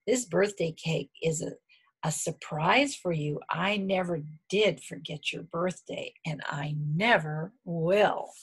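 A woman voicing a calm, patient mother bear in a storybook reading. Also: fairly low pitch, slow pace, breathy edge, exaggerated voice.

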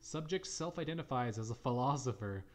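A man's voice: mid-range voice, expressive, fairly quick, soft background music, lightly acted. A man reading a smug, condescending male scientist who analyzes someone like a test subject.

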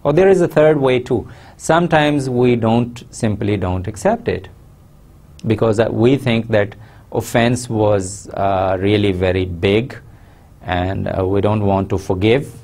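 Male lecturer, Pakistani accent, low-pitched, measured and explanatory delivery. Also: a little mellow. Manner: measured, explanatory, stresses key words. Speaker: university lecturer. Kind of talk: recorded lecture.

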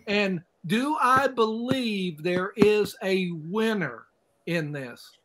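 Guest expert from Oklahoma, man with a high voice, drawn-out folksy talk. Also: expressive, fairly bright tone. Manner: unhurried, folksy imagery. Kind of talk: casual chat.

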